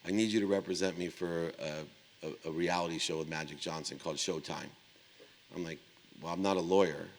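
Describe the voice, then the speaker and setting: A middle-aged man from Ohio telling a story in a keynote speech, acting out the dialogue with big swings in pitch and volume. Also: fairly even intonation, brisk, a little hiss or hum. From Ohio, USA. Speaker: keynote speaker. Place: large conference hall. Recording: long hall reverb.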